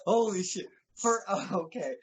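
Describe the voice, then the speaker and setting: A man with a fairly high voice hosts a casual interview over a video call. He is chatty, reacts freely to his guest, and often trips over his words. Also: animated, a little slow, rough recording. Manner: chatty, laughs along, stumbles over words. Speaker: podcast host, interviewer.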